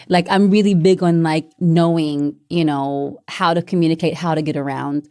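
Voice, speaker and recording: A woman's voice: sits low, steady tone, dark tone. A young woman from the American South with a Southern accent, chatting casually and playfully as a guest. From Decatur, Georgia. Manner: playful, quick to break into impressions and other languages. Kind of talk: casual chat.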